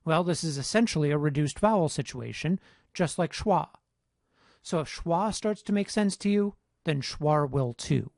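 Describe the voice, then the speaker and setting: A man teaching phonetics in a measured, precise lecture voice-over, explaining each point carefully. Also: on the high side, lively intonation, vocal fry, darkish tone, no room sound, clean studio sound. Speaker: phonetics instructor. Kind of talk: scripted lecture narration.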